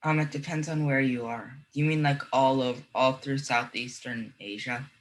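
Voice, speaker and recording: A man's voice: medium pitch, steady tone, moderate pace, a little hiss or hum, rough recording. A male student giving short, thoughtful answers in a class discussion.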